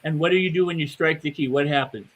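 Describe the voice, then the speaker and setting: An older man speaking as a mindset coach on a panel, animated and acting out the inner voices of his listeners. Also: on the high side, quick pace, poor audio. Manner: animated, acts out inner voices, repeats words. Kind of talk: motivational panel talk.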